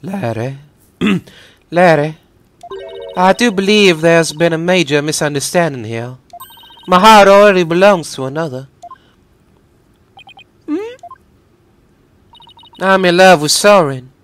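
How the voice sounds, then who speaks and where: A man's voice: fairly high pitch, lively intonation, slow, long pauses, fairly bright tone, a little hiss or hum. A man voicing a prim, formal young woman maid who speaks very politely. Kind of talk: fan voice-over of a video game.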